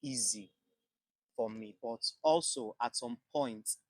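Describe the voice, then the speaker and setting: A man in a casual group chat, relaxed and brief, sharing his teaching experience. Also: medium pitch, takes it slowly, dry recording, clean studio sound. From Nigeria.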